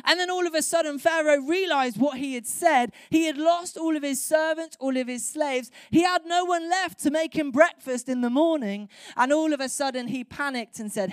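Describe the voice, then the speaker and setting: A woman pastor preaching a sermon, animated and acting out voices from the story. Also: high-pitched, moderate pace, hardly any pauses, dry recording, clean studio sound. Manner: animated, acts out voices of biblical crowds.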